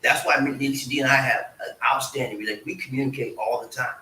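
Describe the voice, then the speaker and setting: A man hosts a casual livestream, folksy and animated, calling out to his viewers for answers. His voice is bright and forward. He sounds a little far from the mic in an echoey room, with a faint hiss behind him. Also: medium pitch, quick pace. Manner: lively, folksy, calls for audience response. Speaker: show host. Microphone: streaming setup.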